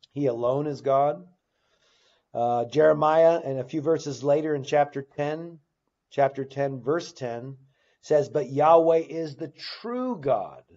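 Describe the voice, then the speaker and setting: Captured on a battery-powered recorder with dull sound, this man's voice sits in the mid-range and has a mellow quality. He leads an unscripted church Bible class, restarting his phrases and giving emphatic readings of scripture.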